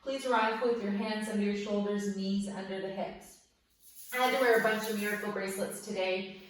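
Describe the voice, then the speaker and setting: A woman teaching a guided yoga class, cueing breaths and poses gently and cheerfully, often laughing. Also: medium pitch, fairly even intonation, a little fast. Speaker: yoga instructor. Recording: very echoey room, mic far off.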